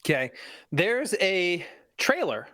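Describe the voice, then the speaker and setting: A man co-hosting a movie stream, telling things in an animated, sarcastic way and swearing freely. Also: sits high, slow pace, no room sound, clean studio sound. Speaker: podcast co-host. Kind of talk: casual chat about movies.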